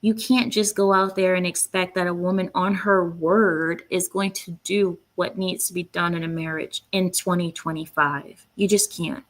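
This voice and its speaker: A woman's voice: fairly low pitch, steady tone, normal speed, hardly any pauses. Blunt indignant woman commentator. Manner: blunt, indignant, reads quotes aloud. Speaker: commentary channel host. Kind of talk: opinionated solo commentary.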